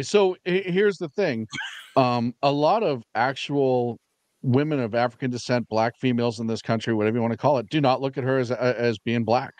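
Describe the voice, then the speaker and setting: Animated man ranting on a panel. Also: medium pitch, no echo. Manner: blunt, rambling, stumbling restarts. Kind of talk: heated political panel chat.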